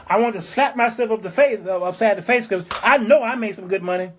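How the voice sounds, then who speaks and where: A man's voice: high-pitched, brisk, few pauses, slight background noise. A man in his fifties hosting a talk show, preaching in an emphatic monologue, repeating phrases and acting out the people he quotes. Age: 50s. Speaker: show host.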